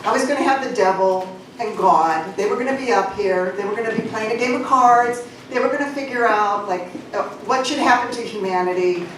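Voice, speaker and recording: A woman's voice: mid-range voice, brisk, a little hiss or hum. Self-deprecating woman rambling on stage. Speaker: stage performer. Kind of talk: live comedic storytelling. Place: small club stage. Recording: echoey club from far off.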